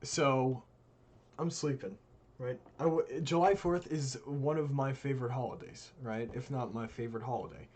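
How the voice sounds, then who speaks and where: A young man, co-host of a live stream, casually telling a personal story and acting out his friends' lines. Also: normal speed. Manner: animated, voices quoted friends with big jumps in pitch.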